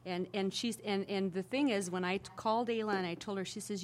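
A woman's voice: mid-range voice, a little fast, few pauses, a little hiss or hum. Chatty older woman telling stories. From Minnesota Iron Range. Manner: chatty, animated anecdote-telling with frequent restarts. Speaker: interviewee. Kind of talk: casual oral-history storytelling.

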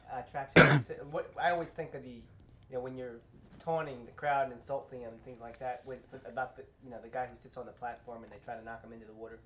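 A man's voice: mid-range voice, fairly even intonation, fast, bright, forceful tone. A man interviewing a former carnival worker, asking probing questions and giving short encouraging replies. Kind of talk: oral history interview. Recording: echoey room with faint noise.

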